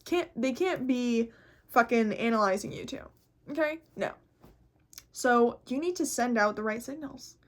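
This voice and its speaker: A woman's voice: on the high side, expressive, measured pace. A woman hosting a casual vlog, talking bluntly and animatedly and swearing constantly. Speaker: host.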